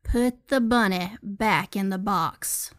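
A woman acting out a menacing tough who speaks in a generic Southern drawl, stretching every word out slowly. The threats come low and deliberate. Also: a bit bright, dry recording, studio quality. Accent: generic Southern, put on.

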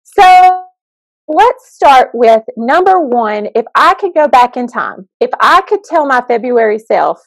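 Giggly high-voiced woman, dry close sound. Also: very animated, a little slow, creaky, no room sound, poor audio. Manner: giggly, playful, apologetic. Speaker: podcast co-host, school counselor. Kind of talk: casual podcast chat.

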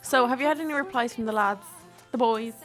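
A young Irish woman from County Clare co-hosts a college radio show, her voice sitting a little high. She tells stories in a giggly, animated way, playing out each side of a text exchange. Faint music runs underneath. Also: brisk. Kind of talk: casual chat.

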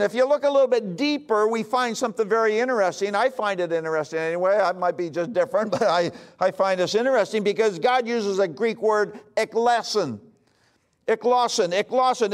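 Male pastor, very high voice, emphatic sermon delivery with big dynamic swings. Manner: emphatic, shifts between loud calls and low hushed lines.

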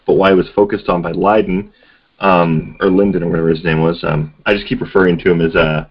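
A man's voice: sits low, fairly even intonation, fast, breathy edge. A man co-hosting a podcast in casual chat, talking loosely and speculatively in run-on thoughts. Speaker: podcast co-host. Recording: dull lo-fi recording.

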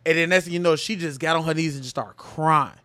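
A young man co-hosting a casual faith podcast, animated and repeating phrases for emphasis. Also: fairly high pitch, quick pace, no echo. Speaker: podcast co-host.

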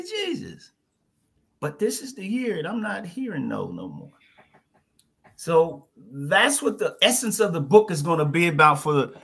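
Animated, bright-voiced storytelling man. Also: on the high side, vocal fry, slightly rough. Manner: lively, folksy sayings, acts out little voices. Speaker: podcast guest.

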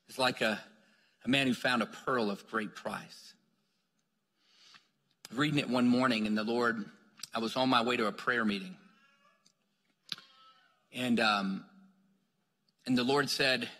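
A man's voice: medium pitch, sharp tone. A man preaching a sermon with energy, telling stories and urging the congregation on with calls of "come on.". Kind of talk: sermon storytelling. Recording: long hall reverb.

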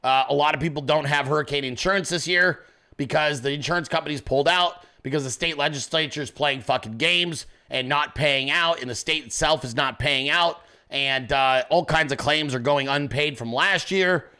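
A man's voice: on the high side, normal speed, pushed and bright, clean tone. A man hosting a political commentary show, blunt and crude, ranting at his audience in casual speech. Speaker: show host.

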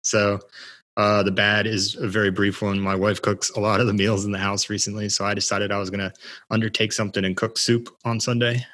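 A man's voice: fairly low pitch, flat delivery, brisk, fairly bright tone. A man co-hosting a casual sports and culture podcast, rambling through stories with frequent restarts and laughs. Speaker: podcast co-host.

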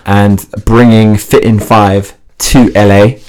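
A man's voice: fairly low pitch, flat delivery, takes it slowly, darkish tone, smooth. A man, a fitness TV presenter talking casually as an interview guest, laughing easily and often restarting his sentences.

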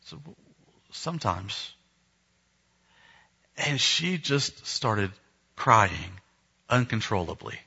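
Man in his thirties, pastor telling a family story in a sermon, bright husky voice, slightly muffled sound. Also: medium pitch, moderate pace. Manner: earnest storytelling, acting out family dialogue.

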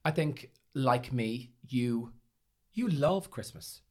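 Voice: mid-range voice, lively intonation, slow, a little mellow. A host chatting casually and teasing her guest playfully. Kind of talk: casual chat.

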